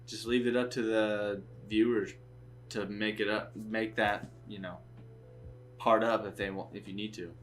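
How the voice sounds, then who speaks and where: A man's voice: lowish voice, flat delivery, measured pace, faint music behind. A man co-hosting a casual podcast chat, easygoing, asking questions and laughing often. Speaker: podcast co-host.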